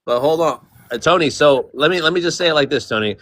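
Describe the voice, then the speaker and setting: A man's voice: a little high, animated, quick pace, a bit bright, dry recording. A man with a surfer-style English accent, Spanish his first language, hosting a casual online panel debate with lots of fillers and restarts. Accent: Californian surfer-style English. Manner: loose, talkative, full of fillers and restarts. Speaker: panel host.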